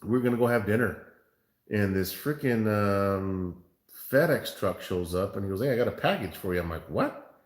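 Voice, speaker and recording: A man's voice: on the low side, lively intonation, moderate pace. Laid-back man in an echoey room. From Far West Texas. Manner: laid-back, calls viewers man and bro. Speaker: barbecue show host. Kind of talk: casual livestream chat.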